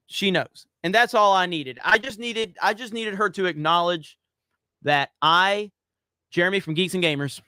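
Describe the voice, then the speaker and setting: Man, web show host, sarcastic, mock-earnest, crisp dry voice. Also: high voice, sharp tone, no room sound. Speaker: YouTube commentary host. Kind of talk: casual commentary.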